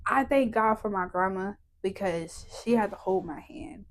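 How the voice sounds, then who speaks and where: A woman with a medium-pitched voice speaks at a normal speed as a podcast guest sharing her personal testimony. Her storytelling is vivid, animated, and emotional; she acts out others' voices and laughs through painful memories.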